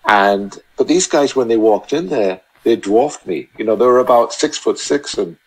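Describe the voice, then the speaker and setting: A man chatting as a podcast guest, telling long, halting anecdotes full of restarts. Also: mid-range voice, lively intonation, breathy edge, rough recording. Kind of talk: casual storytelling chat.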